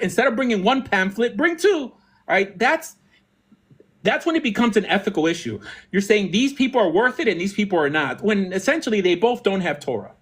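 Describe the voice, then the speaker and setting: Male rabbi host, high-pitched, earnest and persuasive. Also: a bit bright, breathy edge. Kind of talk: podcast call-in talk.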